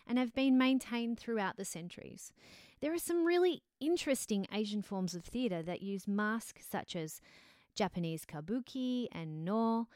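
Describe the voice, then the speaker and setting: A woman, a drama teacher answering interview questions in a measured, explanatory way. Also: mid-range voice, clean tone, no echo, studio quality. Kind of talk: scripted-sounding interview answers.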